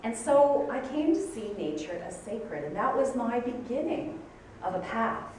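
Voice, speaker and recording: Woman, spiritual talk, high voice, expressive storytelling, roomy distant sound, faint hiss. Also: measured pace. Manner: animated storytelling, acting out her own shocked outbursts. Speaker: speaker giving a Sunday talk. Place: church hall with audience. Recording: echoey hall from far off.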